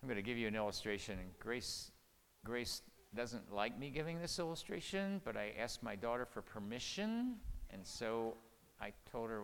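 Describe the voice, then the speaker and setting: Gravelly-voiced man preaching in a hall. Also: medium pitch, sing-song, normal speed. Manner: earnest, folksy, drops soft when quoting himself. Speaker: pastor or marriage speaker. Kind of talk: sermon with personal stories. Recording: reverberant hall, faint noise.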